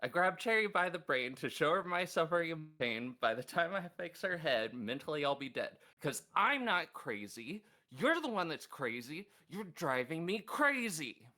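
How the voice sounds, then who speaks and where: A man's voice: fairly high pitch, big pitch swings, moderate pace, few pauses, pushed and bright. A man giving a comedic recap as a rambling, frustrated, self-pitying monologue.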